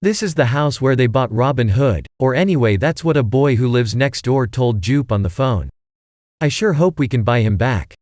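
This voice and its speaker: A man's voice: medium pitch, expressive, normal speed, darkish tone, no room sound, clean studio sound, close to an everyday voice. A man reading an earnest boy detective. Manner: polite, earnest.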